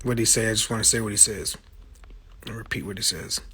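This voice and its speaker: A musician livestreams to fans on his phone, talking fast in a lowish, level voice that's a bit bright. The casual monologue is blunt and profane, full of passion, and he responds to viewer comments as they roll in.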